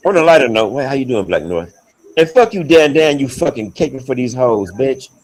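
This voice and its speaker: A man's voice: mid-range voice, sing-song, a little fast, a little mellow, low-quality recording. A man trash-talking on a live stream, profane and taunting.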